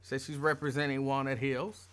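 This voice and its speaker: A man hosting an afternoon show, calling out listeners' names with excitement and dropping into low, quick asides. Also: clean tone. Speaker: radio show host. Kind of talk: casual call-out greetings to listeners.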